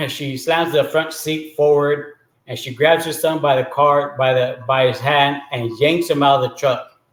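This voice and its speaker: Male storyteller, higher-pitched voice, chatty and loose, clears his throat often, echoey room. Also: level tone, measured pace, a bit bright. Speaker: storyteller host. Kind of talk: casual joke storytelling.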